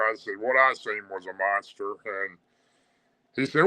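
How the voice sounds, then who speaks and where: A man recounting a personal encounter in casual, rambling storytelling, with frequent pauses and restarts. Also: lowish voice, pushed and bright, smooth, poor audio.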